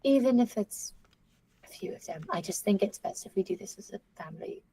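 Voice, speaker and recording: A woman's voice: medium pitch, expressive, brisk, gravelly, dark tone. A woman voicing an anxious, earnest young woman in a tabletop role-play, talking hesitantly, with restarts and trailing ends. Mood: worried. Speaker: player voicing a young grandchild character.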